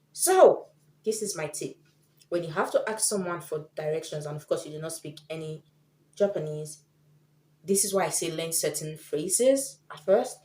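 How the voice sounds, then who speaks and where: A woman's voice: fairly low pitch, mellow. A woman vlogger giving tips in casual chat to camera, chatty and often acting out the people she quotes. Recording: echoey room.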